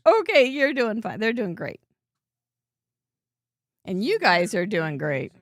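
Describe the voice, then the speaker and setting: A woman's voice: a little high, very animated, slow pace, a bit bright, no echo. A woman hosting a live crafting show, chatting in a bubbly way and laughing often while she works. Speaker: host. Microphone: headset earbud.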